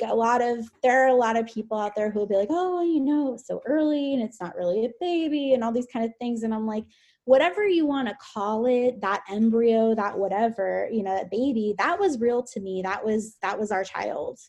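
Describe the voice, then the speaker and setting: A young woman speaking as a podcast guest in an emotional personal interview, soft-spoken and halting, with many fillers. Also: a little high.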